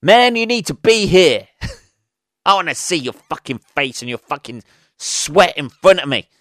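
A man's voice: a little high, very animated, a little slow, no echo, studio quality, voice pushed up. A man voicing a brash, foul-mouthed male businessman in a put-on New York accent. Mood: demanding. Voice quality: shouting, profane, aggressive.

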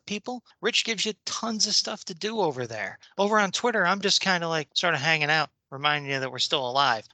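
A male podcast co-host reading out listener mail in a casual, joking way. His voice is slightly high and very bright. The sound is close and dry, with no room echo. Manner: jokey and upbeat, laughing often.

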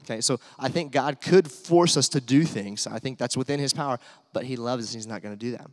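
A man delivers a sermon in an easygoing, chatty manner, reading scripture between stories. His voice sits at an ordinary pitch for a man. A long reverb tail hangs on his words, as in a large hall. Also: a little fast. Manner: conversational, filler-heavy preaching with scripture readings. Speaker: pastor.

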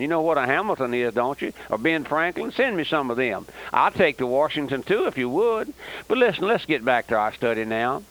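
A man's voice: sing-song, fairly quick, a bit bright, low-quality recording. Fiery preacher man on the radio. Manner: rising to emphatic exhortation, swings pitch widely. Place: tabernacle. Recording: old radio broadcast recording.

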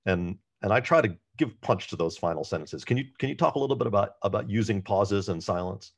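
Deep quick-talking male host. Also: expressive, creaky. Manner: quick, repeats words as he asks. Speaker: author and podcast host. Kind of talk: interviewing.

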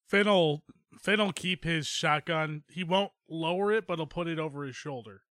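High bright guy playing his character, playful, smooth voice, dry close sound. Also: normal speed. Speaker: player. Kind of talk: tabletop role-play banter.

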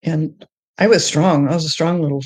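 Middle-aged woman, lowish voice, halting testimony with restarts, rising high and excited at the joyful parts. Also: no room sound. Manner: halting, with many restarts and fillers; grows high and excited when telling of joy. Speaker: guest sharing her testimony. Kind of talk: personal testimony in conversation.

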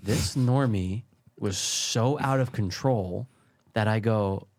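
A man's voice: fairly low pitch, slow, a little mellow. A man co-hosting a podcast, telling a rambling comic story in casual chat and slipping into silly voices. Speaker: podcast co-host.

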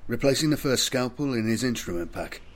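A man giving measured, dramatic scripted audiobook narration. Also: mid-range voice, animated, a little hiss or hum.

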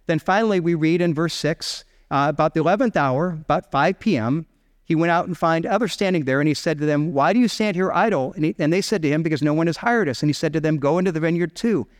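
Animated male pastor in a reverberant hall. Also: a little high, quick pace. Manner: animated storytelling, acting out voices of characters. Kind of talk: sermon. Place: church sanctuary.

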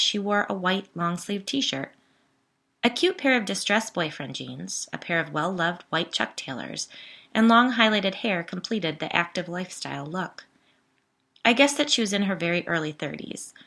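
Bright-voiced woman narrating a story. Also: on the low side. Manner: conversational, wry. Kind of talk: first-person story narration.

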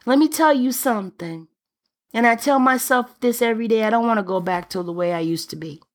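A woman's voice: on the high side, brisk. A woman preaching a sermon in an emphatic, repetitive way, returning to key phrases for emphasis.

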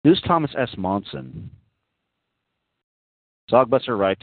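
A man's voice: lowish voice, animated, normal speed, no room sound. A man hosting a casual call-in talk show, mocking and profane, rambling through many fillers, over a dry, tinny phone-line recording.

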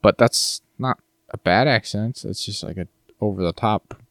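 A man co-hosting a podcast, chatting casually in an animated, rambling way and repeating words as he goes. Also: fairly low pitch, moderate pace, dry recording, clean studio sound. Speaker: podcast co-host. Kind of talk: casual chat.

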